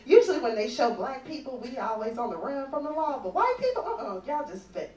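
This woman speaks a little fast in a high, darkish voice whose pitch swings widely. On stage at a comedy club, she runs a sassy, conversational stand-up set and ribs the audience. The sound is far-off and echoey, with a faint hum of ambient club noise.

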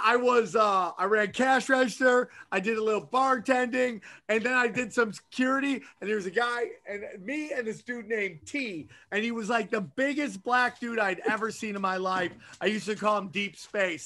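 A middle-aged man, a podcast host and comedian, telling rambling, profane stories in casual chat. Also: sits high. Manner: profane, animated storytelling. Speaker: podcast host and stand-up comic.

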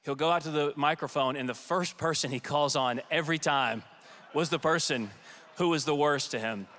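A man on a conference panel, a former White House staffer telling lively anecdotes and acting out quoted voices. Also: on the high side, normal speed. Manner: lively storyteller who acts out quoted voices. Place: conference hall stage. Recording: long hall reverb.

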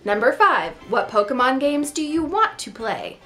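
Chatty, slightly high-voiced woman vlogging, faint music under her. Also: very animated, moderate pace, pushed and bright. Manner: playful, self-deprecating, chatty. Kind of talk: casual chat.

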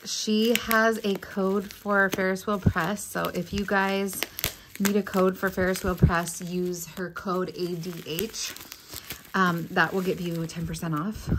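A woman's voice: mid-range voice, a little slow, noisy background. Gushing young woman unboxing. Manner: gushing, excitable, gasping and exclaiming often. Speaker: stationery vlogger. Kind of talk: casual unboxing chat.

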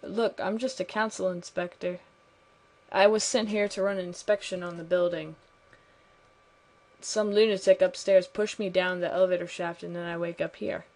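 A woman's voice: fairly low pitch, fairly even intonation, moderate pace, a little mellow, close to an everyday voice. A woman reading the lines of a put-upon building inspector in a game, plainly and matter-of-factly.

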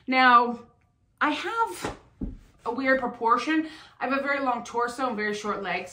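A middle-aged woman talks casually and slowly, describing clothes as she tries them on. Her voice sits a little high. The sound carries the echo of a room at home. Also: sharp tone. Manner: chatty, unhurried, describing clothes. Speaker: fashion vlogger. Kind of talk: casual try-on haul chat.

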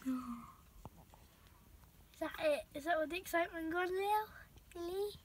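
A woman's voice: very high-pitched, lively intonation, normal speed, a little hiss or hum. A woman filming her kitten, talking to it playfully and laughing as she scolds it. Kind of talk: casual talk to a pet.

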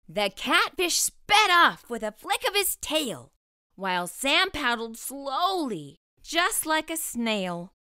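A woman reading a rhyming children's picture book aloud, slow and expressive. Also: high voice, no room sound, studio quality. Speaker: storyteller. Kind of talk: children's storybook read-aloud.

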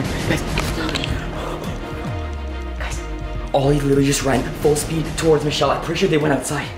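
A man hosting an excited challenge vlog, talking to his viewers in a jittery, dramatic way and often dropping to a hushed whisper. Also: a little high, moderate pace, long pauses, echoey room, loud music behind the voice. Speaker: YouTube host.

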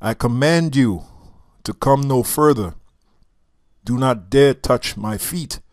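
A man voicing a proud king who commands the sea, speaking slowly and emphatically. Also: mid-range voice, no echo, clean studio sound, lightly acted. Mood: commanding. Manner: slow, emphatic royal proclamation.

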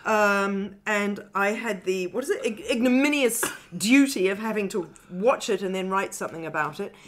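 A woman's voice: mid-range voice, moderate pace. A woman co-hosting a film podcast, chatting casually about films and laughing often as she talks. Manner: animated, laughs often while talking. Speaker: podcast co-host and film critic. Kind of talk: casual film review chat.

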